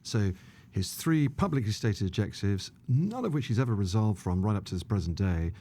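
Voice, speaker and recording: A middle-aged man, a retired army general co-hosting a podcast, giving measured, authoritative analysis. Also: lowish voice, expressive, warm tone, dry recording.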